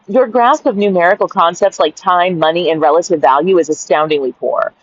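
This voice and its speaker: A woman's voice: on the low side, brisk, lo-fi sound. A woman and caregiver reading her journal aloud and ranting in a blunt, profane, exasperated way.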